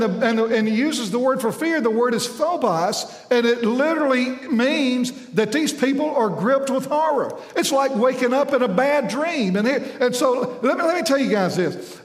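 A man's voice: extremely high pitch, expressive, normal speed. A man preaching a sermon in a folksy, conversational way. He quizzes the congregation and often trips over repeated words. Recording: echoey hall with long reverb.

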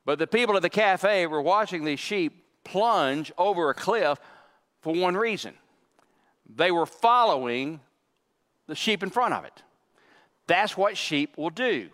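A man preaching a sermon as pastor, emphatic, with dramatic pauses and dry joking asides. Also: high-pitched, sing-song, a bit bright. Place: church sanctuary. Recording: long reverb of a large hall.

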